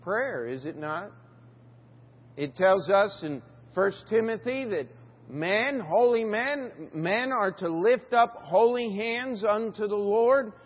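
With a high, animated voice and a breathy edge, a pastor takes his sermon slowly. He addresses questions to the congregation and reads scripture in King James wording, recorded dully in a church sanctuary with long reverb.

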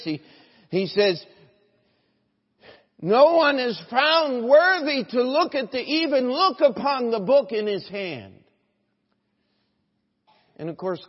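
A man preaching a sermon as pastor, reading scripture formally, then rising to loud emphasis and dropping to hushed words. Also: fairly high pitch. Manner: reads scripture in an old, formal register. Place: church sanctuary. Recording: dull, lo-fi sound with long church reverb.

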